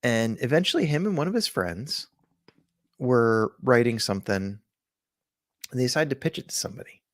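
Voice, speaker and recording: A man's voice: medium pitch, lively intonation, moderate pace, no echo. A man co-hosting a podcast in casual chat, telling stories in a rambling, jokey way. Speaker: podcast co-host.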